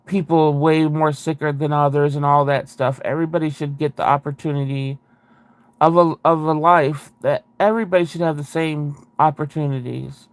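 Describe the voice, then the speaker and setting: A man's voice: a little high, smooth, no echo. A man hosting a casual video chat, reading viewer comments aloud with a rambling, self-interrupting way of talking and frequent laughs.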